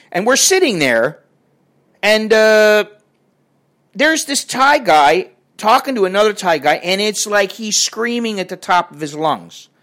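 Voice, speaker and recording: An older man vlogger rants to the camera for his viewers in a crotchety, profane and rambling way. His voice is high-pitched and a bit bright.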